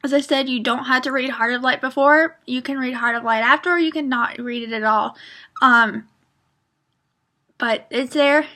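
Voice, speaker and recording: High, bright-voiced woman reviewing a book. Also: steady tone, normal speed. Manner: earnest, rambling, with many fillers and restarts; openly emotional, close to tears. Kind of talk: casual book review vlog.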